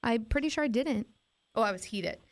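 Woman radio host, slightly high voice, lively storyteller, casual chat. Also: a little fast. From Northeast Wisconsin. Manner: animated storytelling with acted-out quotes.

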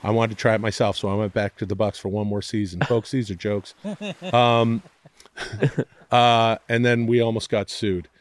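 A man's voice: lowish voice, level tone, normal speed, dry recording. A man as a podcast guest, telling comic stories in a loose, profane way and acting out quotes in silly voices. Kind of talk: animated comedic storytelling.

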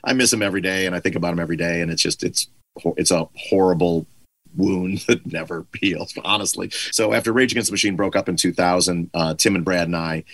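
Low-voiced man telling a story, dry sound. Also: fairly even intonation, fast, fairly bright tone, no echo. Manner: loose storyteller with frequent "like" fillers. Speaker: guest musician. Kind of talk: casual anecdote in an interview.

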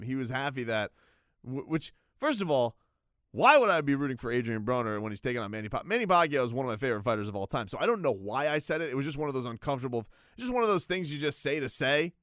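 Smooth-voiced man rambling about boxing. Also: mid-range voice, fast, dry recording, studio quality. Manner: rambling, animated storytelling with restarts. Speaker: boxing radio host. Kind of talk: casual sports talk monologue.

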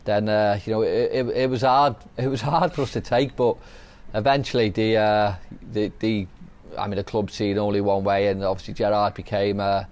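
A man's voice: fairly low pitch, fairly even intonation, moderate pace, a little mellow. Chatty man telling stories. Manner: chatty, anecdotal, laughs while telling stories. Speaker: podcast host, former footballer. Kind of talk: casual storytelling chat.

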